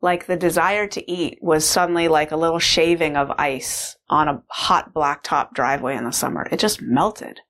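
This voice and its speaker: A woman's voice: sits low, steady tone, moderate pace, few pauses, fairly bright tone. A woman sharing a candid, reflective personal story as a course participant, with frequent fillers. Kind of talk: personal testimonial talk.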